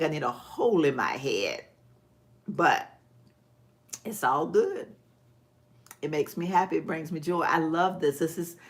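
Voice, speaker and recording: A woman with a low, warm-toned chats with her live viewers while painting her nails. She talks loosely and folksily, laughs easily, and addresses her audience like close friends. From Texas. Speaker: vlog host. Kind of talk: casual livestream chat.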